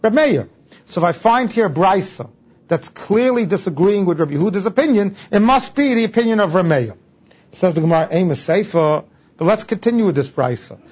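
Man teaching Talmud, husky lo-fi voice. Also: sits high, expressive, fairly quick, a little mellow. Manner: explains step by step, repeats terms for emphasis. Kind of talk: Talmud class lecture. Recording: dull lo-fi recording.

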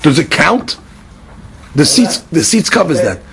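Speaking a little slowly in a somewhat high, gravelly voice, a man leads a lively Talmud class. He poses question after question, repeats words frequently, and sprinkles in Hebrew and Aramaic vocabulary.

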